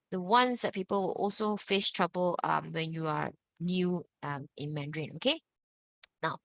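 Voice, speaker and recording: A woman's voice: medium pitch, sharp tone, dry recording. A young woman teaching a Mandarin lesson, patiently drilling sounds and tagging her sentences with "ah" and "lah". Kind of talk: online language lesson.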